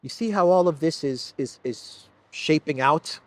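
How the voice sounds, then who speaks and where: A man's voice: fairly high pitch, measured pace, dry recording. A man hosting a solo news commentary, talking in an emphatic, sarcastic way with frequent restarts. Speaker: political commentary host.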